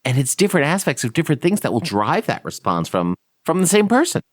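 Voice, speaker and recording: A man's voice: fairly high pitch, very animated, quick pace, dry recording, clean studio sound. A man hosting a podcast interview, reflective and thinking aloud. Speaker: podcast host.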